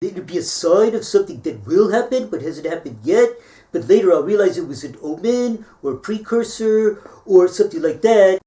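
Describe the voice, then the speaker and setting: Brief: man as a vain, easily excited podcaster, self-absorbed, in a roomy space with echo. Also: sits high, moderate pace. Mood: musing. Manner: self-absorbed, exclaiming often. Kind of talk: low-budget comedy film acting.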